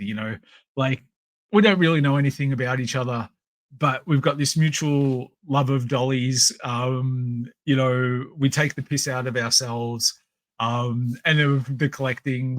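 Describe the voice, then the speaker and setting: Australian male podcast host, casual live-stream storyteller, mid pitch, dry room. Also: no room sound. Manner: rambling, animated storytelling with many fillers.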